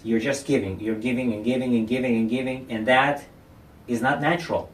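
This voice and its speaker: A man's voice: medium pitch, fairly even intonation, brisk, reverberant, recorded from a distance. A man teaching a class as a dating coach, explaining step by step and often checking in with "right?". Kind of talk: classroom lecture with acted examples.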